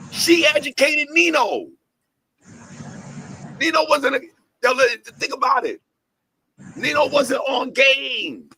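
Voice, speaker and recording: A man's voice: very high-pitched, expressive, slow pace, long pauses, bright, forceful tone, no echo, poor audio. A man hosting his company's talk show, preaching in a profane, fired-up way and hammering points home with repeated lines and rhetorical questions. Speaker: host, head of an entertainment company.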